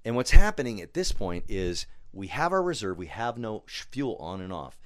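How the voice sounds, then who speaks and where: A man's voice: lowish voice, normal speed, no echo. A man telling a story in casual studio chat, swearing freely and acting out his own quotes. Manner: profane, animated storyteller who acts out his own quotes. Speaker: podcast guest.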